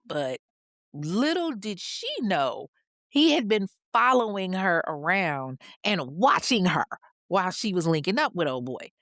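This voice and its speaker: A woman's voice: lowish voice, very animated, unhurried, fairly bright tone, dry recording, studio quality. A woman hosting a podcast, telling a true crime story in a casual, slangy way with chatty asides.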